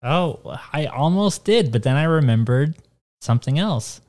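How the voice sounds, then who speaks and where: A man's voice: on the high side, animated, moderate pace, a little mellow. Laid-back rambling man podcast co-host. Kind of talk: casual chat.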